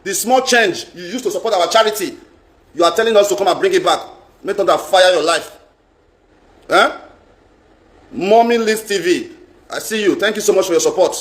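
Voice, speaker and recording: Nigerian man, high pitch, emphatic live-stream vlogger, echoey room. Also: normal speed, pauses often. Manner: emphatic, repeats phrases, mixes in pidgin. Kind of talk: casual live-stream rant. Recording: roomy echo.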